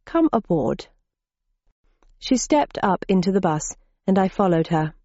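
Mellow woman narrating an audiobook. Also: mid-range voice, lively intonation, moderate pace, no echo, lo-fi sound. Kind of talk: scripted first-person audiobook narration.

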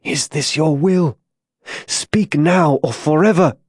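A man voicing a tormented religious zealot who speaks to a child in a hushed, tender way. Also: medium pitch, a little slow, no room sound, studio quality, natural voice. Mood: anguished.

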